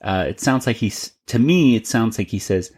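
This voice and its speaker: A man's voice: fairly low pitch, animated, moderate pace, darkish tone, slightly rough. Chatty male podcast host. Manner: chatty, laughs often, many restarts. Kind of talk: casual podcast chat.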